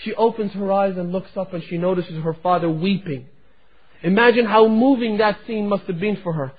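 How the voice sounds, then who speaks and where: A man's voice: sits high, normal speed, husky. A man preaching an emotional sermon, telling a story to his congregation as he addresses them directly. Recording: tinny phone-like recording.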